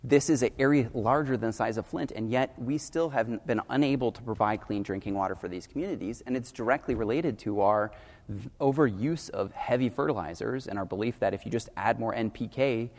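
A man speaking on a panel, earnest and emphatic, talking in long rushing sentences. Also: mid-range voice, darkish tone, big-room sound. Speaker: panelist on farming and water policy. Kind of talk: panel discussion.

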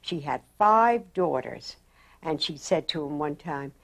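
Elderly woman, oral history, slow, reflective, lowish voice. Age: older. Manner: slow, reflective, animated in quotes. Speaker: interviewee.

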